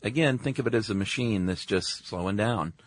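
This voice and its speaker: A man's voice: lowish voice, brisk. A man co-hosting a podcast, chatty and agreeable in casual conversation. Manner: chatty, frequent agreeing interjections. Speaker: podcast co-host.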